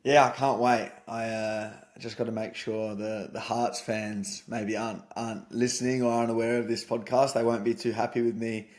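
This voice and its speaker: Laid-back podcast co-host. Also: male voice, mid-range voice, normal speed, few pauses. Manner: relaxed, blokey, swears casually. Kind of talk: casual podcast chat.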